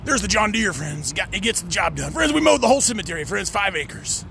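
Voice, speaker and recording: A man's voice: high voice, animated, a little fast, vocal fry, a crowd in the background. A man vlogging outdoors at a cemetery in a folksy way, working "friends" into nearly every sentence. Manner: folksy, says "friends" constantly. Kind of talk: outdoor character vlog.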